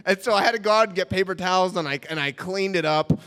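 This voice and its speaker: A young man telling a personal story in an animated way, acting out the quotes, in a hall with a long echo. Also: sits high, quick pace, smooth.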